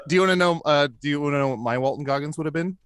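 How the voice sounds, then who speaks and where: A man's voice: fairly high pitch, rapid-fire, a bit bright. A man co-hosting a comedy game over a video call, playful and teasing. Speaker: co-host of a comedy game stream.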